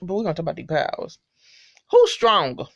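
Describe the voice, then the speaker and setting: Animated, profane woman recapping TV. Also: lowish voice, a little fast, gravelly, breathy edge, lo-fi sound. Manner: animated, expressive, swears freely, reacts with disgust. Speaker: TV recap vlogger. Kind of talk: casual profane episode recap.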